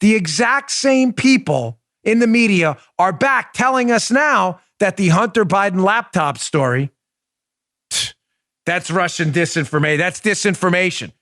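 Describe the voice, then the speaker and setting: A combative male host with a high, bright-edged voice, hammering each point with mocking emphasis. He sits close to the mic in a dry, dead room with no echo at all. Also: expressive, measured pace. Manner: does a high silly impression voice in bursts. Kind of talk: political commentary show.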